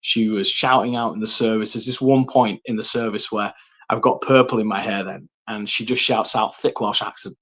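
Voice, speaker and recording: A man's voice: lowish voice, steady tone, normal speed, a bit bright, husky. Earnest man recounting his life story. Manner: earnest, reflective storytelling with frequent ums. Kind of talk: personal faith testimony.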